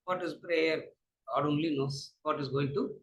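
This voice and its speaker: A man's voice: on the high side, steady tone, moderate pace, poor audio. A man with a Tamil accent giving a classroom lecture on philosophy, asking rhetorical questions and repeating his phrases. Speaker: spiritual lecturer.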